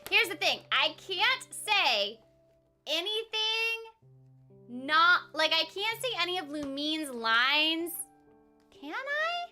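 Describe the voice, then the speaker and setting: Streamer, woman, high lively voice, bubbly and giggly chatter. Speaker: streamer and voice actor. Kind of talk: casual game stream chat.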